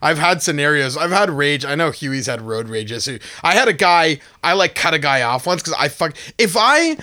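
A man with a high, bright voice rants in casual podcast chat. He swears freely and slips into quick impressions of other people. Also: expressive. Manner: ranting, swears freely, acts out quotes.

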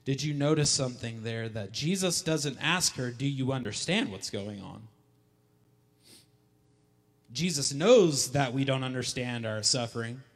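A male pastor preaching a sermon emphatically, repeating key lines and building to loud calls. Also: medium pitch, expressive, a little slow. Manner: emphatic, repeats lines for effect, rising to shouts. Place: church hall. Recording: long hall reverb.

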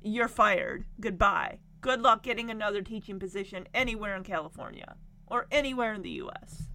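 A young woman casually recapping a TV episode, with animated and indignant storytelling. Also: medium pitch, fairly quick, slight background noise. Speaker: TV show recapper.

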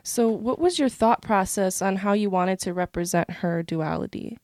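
Woman interviewer, chatty and casual, mellow warm tone, dry close sound. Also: mid-range voice, moderate pace, dry recording. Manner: chatty, full of "like" fillers.

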